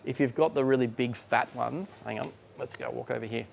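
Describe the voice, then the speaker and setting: Chatty male barista, gravelly voice, laughs easily, faint shop ambience behind. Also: mid-range voice, brisk, a little hiss or hum. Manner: chatty, laughs often, explains hands-on. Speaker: barista and coffee shop host. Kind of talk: casual chat while working. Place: coffee shop espresso bar.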